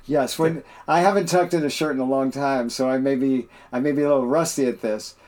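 A man co-hosting a relaxed podcast chat, at an ordinary middle pitch. He drops dry, deadpan asides and keeps an even, wry manner. His voice sits close and clean. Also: a little fast. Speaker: podcast co-host. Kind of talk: casual chat.

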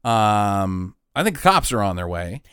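A man running a loose, joking conversation, his pitch leaping around as he fires off questions. The sound is dry and close, with no room around it. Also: big pitch swings, unhurried, fairly bright tone, clear, resonant tone, no room sound. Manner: joking, asks questions, trails off. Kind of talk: casual chat.

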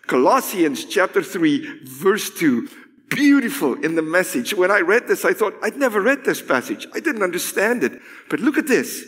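Impassioned preacher man in an echoey hall. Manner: impassioned, swinging from loud high declarations to hushed, drawn-out words. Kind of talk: sermon.

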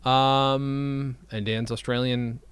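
A man's voice: medium pitch, level tone, slow, clear, resonant tone, no room sound. A man co-hosting a podcast in casual, rambling chat, swearing now and then. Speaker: podcast co-host.

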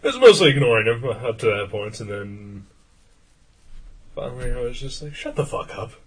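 A man's voice: mid-range voice, lively intonation, moderate pace, slightly rough, low-quality recording. A man co-hosting a podcast, telling casual stories with lots of filler words and frequent swearing. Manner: rambling storyteller, many "uh" fillers, swears freely. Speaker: podcast co-host. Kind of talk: casual chat.

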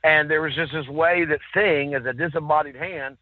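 A man co-hosting a casual chat, telling stories with lively acted-out quotes. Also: fairly high pitch, normal speed, no room sound. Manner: animated storyteller, acts out quotes. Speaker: podcast co-host. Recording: dry, tinny phone-like sound.

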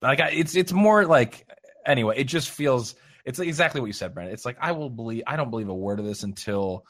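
A man's voice: mid-range voice, expressive, fairly quick, a bit bright, no echo, studio quality. A man co-hosting a gaming podcast in casual chat. He is blunt and cynical and swears casually. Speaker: podcast co-host.

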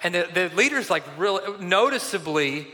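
A man in his forties preaching a sermon in a church, telling a personal story in an animated, conversational way. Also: high voice, normal speed, in a large hall. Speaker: pastor.

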